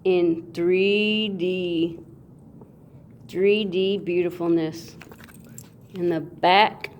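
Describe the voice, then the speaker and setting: A woman hosting a casual unboxing video, playful and goofy, with sound effects and drawn-out, excited remarks. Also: lowish voice, a little hiss or hum. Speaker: coin channel host.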